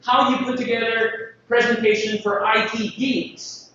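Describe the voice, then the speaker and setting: A man from the Philippines giving a lively conference presentation, joking and asking the audience questions. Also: extremely high pitch, a little slow, a little hiss or hum. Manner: jokey, asks the audience questions. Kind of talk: live presentation talk. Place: conference hall. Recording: distant mic, echoey hall, dull sound.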